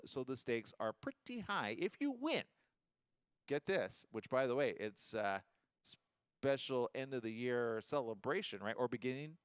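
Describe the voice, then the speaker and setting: A man's voice: mid-range voice, smooth, dry recording. A man hosting a morning show, chatting casually and joking through the news. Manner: lively, jokey, animated delivery.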